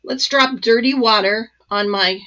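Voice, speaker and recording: A woman hosting a casual live crafting demo, chatty and excited, with many ums and asides. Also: fairly high pitch, a little slow, dull audio. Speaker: crafting channel host.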